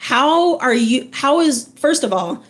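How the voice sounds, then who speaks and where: A woman with a high voice talks slowly and unhurriedly as she hosts a casual livestream. She is encouraging and chatty, greeting her viewers one by one. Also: expressive. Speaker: livestream host.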